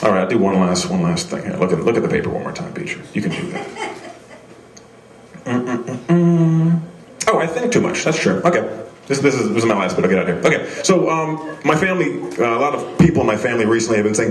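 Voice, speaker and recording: A man's voice: mid-range voice, sing-song, quick pace, echoey room. A young man doing a live stand-up set on a small club stage, rambling and self-deprecating, with many restarts. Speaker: stand-up comedian. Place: small comedy venue stage.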